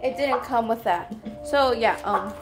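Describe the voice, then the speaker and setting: A young adult woman chatting casually in a crafting vlog, excitable, rambling and swearing freely. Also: a little high, measured pace, music in the background. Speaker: vlogger.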